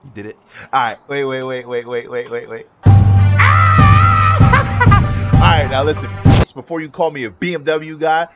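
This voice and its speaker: With music and in-game car noise behind him, a young sim racing YouTuber jokes, swears and gets hyped while vlogging at his home racing rig. He talks a little fast, with medium pitch and fairly even intonation.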